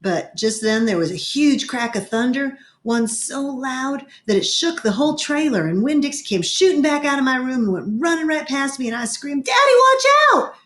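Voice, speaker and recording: Storyteller: woman reading a children's chapter book aloud, expressive, clears her throat now and then. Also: sits high, normal speed, hardly any pauses. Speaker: reader.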